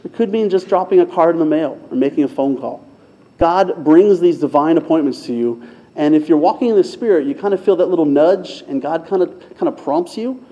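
A man preaching in a relaxed, conversational way, working through a personal anecdote with filler words and a self-deprecating edge. His voice is mellow and sits a little high for a man, and the recording sounds slightly dull and lo-fi. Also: fairly quick. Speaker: pastor. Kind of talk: sermon-style storytelling.

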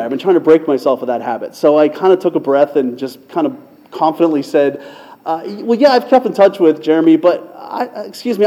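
Mellow-voiced pastor telling a story. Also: male voice, on the high side, muffled recording. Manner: conversational, self-deprecating anecdote with frequent fillers. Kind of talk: sermon-style storytelling.

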